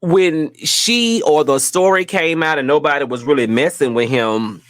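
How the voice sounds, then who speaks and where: A man's voice: a little high, normal speed, a bit bright, dry recording, clean studio sound. A man hosting a podcast in casual chat, telling stories in slangy, profane talk and acting out what people said. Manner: slangy, profane storytelling with quoted voices. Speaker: podcast host.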